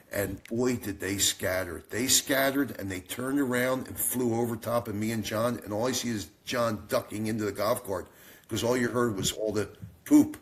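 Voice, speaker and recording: A man who founded a company, telling a long story as a podcast guest and acting out the people he quotes. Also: medium pitch. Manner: animated storyteller, acts out quoted dialogue.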